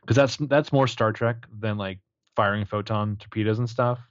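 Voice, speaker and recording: A man co-hosting a podcast in casual chat, chatty and quick to laugh. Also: lowish voice, steady tone, dry recording, lo-fi sound. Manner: chatty, laughs easily, jokey voices. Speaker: podcast co-host.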